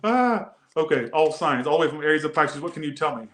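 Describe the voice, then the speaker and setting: Guy doing a tarot reading, kinda high voice, rambles and swears a lot, roomy echo. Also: fairly even intonation, fast, a bit bright. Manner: rambling, profane, repeats himself. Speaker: tarot reader. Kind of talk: casual tarot reading and chat.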